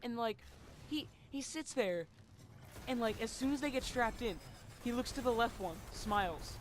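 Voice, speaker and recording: A casual storyteller rambles through a story time over gameplay, leaning on constant fillers and dropping the odd swear word. The voice sits at a middling pitch, with a faint hiss of noise underneath. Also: moderate pace.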